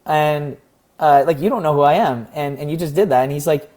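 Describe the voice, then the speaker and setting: A young man from Canada reflects on a recent experience in a casual vlog. His voice sits a little high and is slightly hoarse. He rambles earnestly and acts out the back-and-forth of conversations as he retells them. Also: brisk, darkish tone. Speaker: vlogger.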